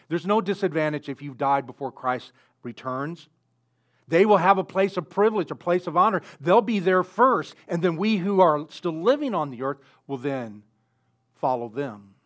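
A man preaching a sermon in an earnest way, building up loudly on key phrases. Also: on the high side. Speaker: pastor.

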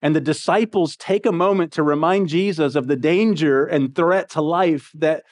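A man's voice: on the high side, normal speed. Man preaching a conversational sermon. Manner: conversational, emphatic, with rhetorical questions. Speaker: pastor.

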